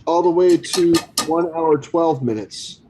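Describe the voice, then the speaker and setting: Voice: medium pitch, a little slow, dark tone, a little hiss or hum. A speaker with a New England accent chatting casually and laughing along with friends. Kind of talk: casual chat.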